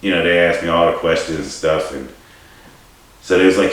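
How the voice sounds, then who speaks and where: A man telling a personal story in a rambling, halting way, swearing and laughing at himself. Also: low voice, steady tone. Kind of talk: casual storytelling. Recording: distant mic in a very echoey room.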